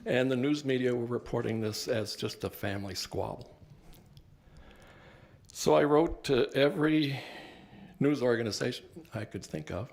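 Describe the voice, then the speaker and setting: A man's voice: mid-range voice, moderate pace, gravelly, pauses often, darkish tone. An older man born in Cuba, a professor giving an earnest, reflective talk about his life and work, with touches of wry humor. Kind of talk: personal reflective lecture.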